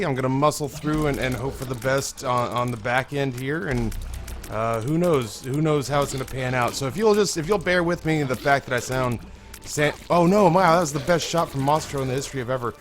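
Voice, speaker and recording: A hoarse young man hosting a let's play, commentating in a rambling, candid way and swearing freely. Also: medium pitch, brisk, soft background music. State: hoarse, strained voice. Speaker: gaming video host.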